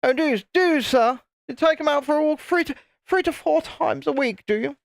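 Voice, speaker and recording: A man mimicking a pompous upper-class English gentleman with a posh English accent in a mocking drawl. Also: very high voice, brisk, gravelly, no echo, studio quality, voice pushed up.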